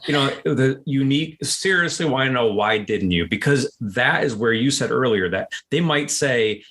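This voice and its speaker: A man's voice: mid-range voice, lively intonation, moderate pace, a bit bright. Rambling man giving business advice. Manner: rambling, restarts, acts out client dialogue. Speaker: guest, business coach. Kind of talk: casual podcast conversation.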